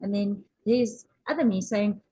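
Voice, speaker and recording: A woman co-hosting a relaxed podcast chat, telling a story with animation and acting out the voices in her head. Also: medium pitch, a little slow, slightly rough, poor audio. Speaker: podcast co-host. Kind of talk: casual conversational chat.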